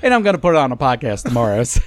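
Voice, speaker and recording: Foul-mouthed male podcast host spinning a raunchy story, expressive swings, cracks himself up. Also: medium pitch, racing, no room sound. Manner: profane, laughs through his own story. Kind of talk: crude comedic storytelling.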